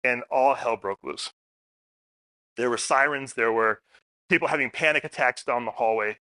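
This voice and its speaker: At a public forum, a man tells personal stories and acts out the people in them with animated quotes. His voice is medium-pitched at a normal speed, with no echo.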